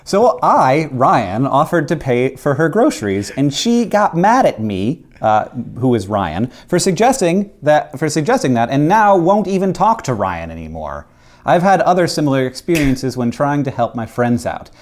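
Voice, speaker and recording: Male co-host, slightly high voice, very lively melody, teasing comic reads. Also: normal speed. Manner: playful, teasing, lively and bouncy. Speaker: podcast co-host. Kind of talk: casual comedic chat, reading listener questions.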